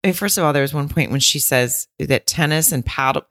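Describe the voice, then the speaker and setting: A woman co-hosting a casual podcast recap, talking in an animated, emphatic way with frequent swearing. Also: low-pitched, fast, dry recording, clean studio sound. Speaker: podcast co-host.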